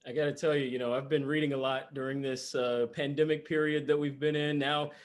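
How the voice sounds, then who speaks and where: A man's voice: medium pitch, flat delivery. Conversational male interviewer. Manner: conversational, fills pauses with "uh" and "you know".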